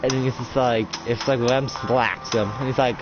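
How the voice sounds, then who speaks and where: A man's voice: mid-range voice, fairly even intonation, normal speed, dull audio, music in the background. Rambling young-sounding male role-play narrator. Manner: rambling, many filler "like"s. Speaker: game master.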